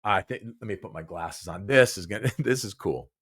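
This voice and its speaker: Hosting a casual podcast on his own, this man in his sixties wanders from thought to thought with frequent chuckles and restarts. He speaks a little fast in a low, husky voice with a fairly bright tone.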